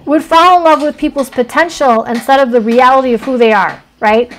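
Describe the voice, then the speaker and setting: A woman's voice: sits high, a little fast, a bit bright. A woman hosting a casual astrology stream, chatting and telling rambling stories with lots of fillers. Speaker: astrology channel host.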